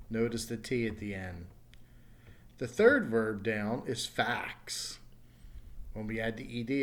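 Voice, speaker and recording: A man teaching a recorded English pronunciation lesson. His voice sits in an ordinary middle pitch. He slows down and spells out each example word with careful enunciation. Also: expressive, fairly bright tone. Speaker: ESL teacher.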